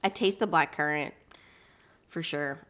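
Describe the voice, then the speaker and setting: Female podcast co-host, slightly low voice, animated and casual. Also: measured pace. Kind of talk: casual chat.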